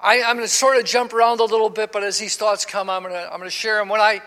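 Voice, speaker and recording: A man in his sixties, a pastor, preaching a sermon that swells into shouts and call-and-response. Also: high voice, flat delivery, fast talker. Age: 60s. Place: church sanctuary. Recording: long reverb of a church hall.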